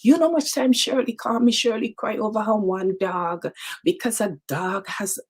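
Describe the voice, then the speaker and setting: A woman's voice: mid-range voice, moderate pace, slightly rough. A woman with a Caribbean English accent, hosting a live motivational talk and speaking straight to her viewers, emphatic and repeating phrases. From Caribbean islands. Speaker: show host.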